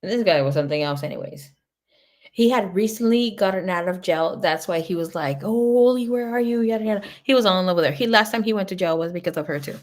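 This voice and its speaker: Lady tarot reader on a livestream, kinda low voice, blunt and swears a lot, chatty. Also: fast. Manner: blunt, profane, chatty storytelling. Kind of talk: casual livestream tarot reading.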